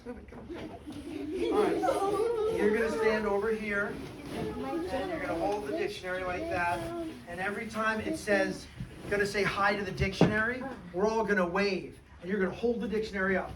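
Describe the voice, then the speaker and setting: A man telling a rhyming story to children and leading a sing-along, with a playful, teasing way of coaxing them to join in. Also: high-pitched. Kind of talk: rhyming read-aloud and sing-along with kids. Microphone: distant mic. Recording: echoey room, distant mic, background noise.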